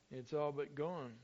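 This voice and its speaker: High-voiced preacher on a dull recording. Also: male voice. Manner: expressive, rises loudly when quoting scripture. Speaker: pastor. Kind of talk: sermon.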